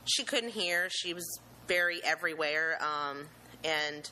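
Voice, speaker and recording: A young woman tells her story in a lowish voice that still rings bright and forward. She sounds nervous and halting, with frequent "um"s and false starts. Her delivery stays earnest and heartfelt. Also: a little hiss or hum, rough recording. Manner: nervous and halting, with many "um"s and restarts; earnest and emotional, with religious gratitude. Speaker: eyewitness telling her story. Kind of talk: personal account, unscripted.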